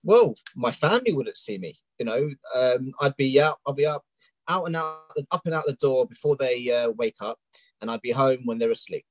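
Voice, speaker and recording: Appearing as a coaching client on a live stream, a London-accented Englishman talks openly in a casual interview, frequently stopping on "um." His expressive voice falls in a low-to-mid range. The recording is dry, close and low in quality, with hardly any room sound.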